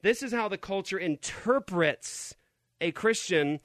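An emphatic male talk show host who argues with open disbelief. He carries a fairly high voice, recorded dry and close with no room sound. He delivers opinionated Christian commentary. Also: expressive, a little slow, a bit bright, no room sound. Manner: emphatic, incredulous, argumentative.

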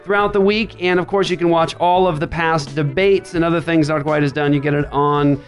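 A man hosting a Christian radio talk show from a makeshift studio, upbeat with quick banter. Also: fairly high pitch, steady tone, faint music behind. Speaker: podcast host. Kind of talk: casual radio show chat. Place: makeshift studio writers' room.

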